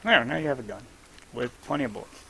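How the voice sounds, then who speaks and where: A man with a gravelly voice at an everyday, middling pitch chats casually while he plays. He gives a teammate quick, offhand instructions in a loose, easygoing way. A faint hiss sits under the recording. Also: fairly bright tone, rough recording. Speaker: gamer streaming his own play. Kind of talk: casual gameplay commentary to a teammate.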